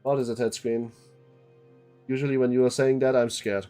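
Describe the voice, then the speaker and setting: A man's voice: mid-range voice, level tone, normal speed, dark tone, soft background music. A young man streaming a game, chatting to his viewers in a rambling, joking way and reading the game's text aloud. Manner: rambling, chatty, thanks chat members, swears.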